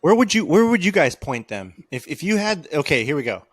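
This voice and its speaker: A man's voice: fairly high pitch, sing-song, fairly quick, dry recording. A man co-hosting a casual fan podcast, an eager questioner who repeats himself as he talks. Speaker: podcast co-host. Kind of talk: casual chat.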